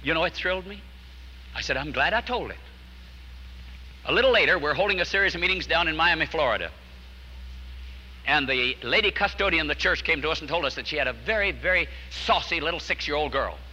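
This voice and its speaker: A man preaching a storytelling sermon, earnest, dropping to a hush at key lines. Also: fairly high pitch, animated, brisk, pauses often, big-room sound, slight background noise, rough recording.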